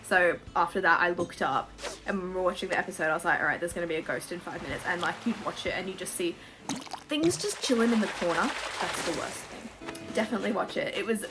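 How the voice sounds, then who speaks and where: A woman's voice: on the low side, fast. Gushing, sweary young Australian woman. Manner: gushing, sweary and animated, full of fillers. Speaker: YouTuber. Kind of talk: casual Q&A chat while playing a game. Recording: music playing behind.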